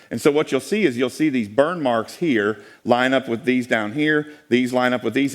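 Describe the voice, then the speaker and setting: A man giving a folksy, joking presentation to a live audience, with many restarts. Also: mid-range voice. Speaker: speaker giving a talk.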